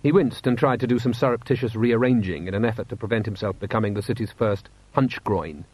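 A man reading a novel aloud in expressive, wry narration. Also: lowish voice, fast, slightly rough, dry recording. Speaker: audiobook narrator. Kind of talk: scripted narration. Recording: dull, slightly lo-fi, dry.

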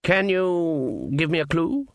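A polite, officious guard captain, courteous but condescending, his lines measured and a touch raised, as a male reader puts him on. Dry, close sound. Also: fairly high pitch, lively intonation, no echo, pitched above the performer's own voice.

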